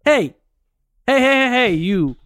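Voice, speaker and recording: A man putting on a broken-English voice for an indignant character who yells about his shoes. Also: big pitch swings, takes it slowly, clear, resonant tone, no echo, studio quality, full character voice. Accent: foreign. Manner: loud, high, indignant.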